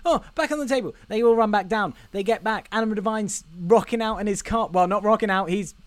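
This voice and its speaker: Guy with a high voice retelling a movie on a podcast, dry close sound, acts out the lines. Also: steady tone, brisk, clean tone, no echo. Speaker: podcast co-host. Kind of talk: casual film recap chat.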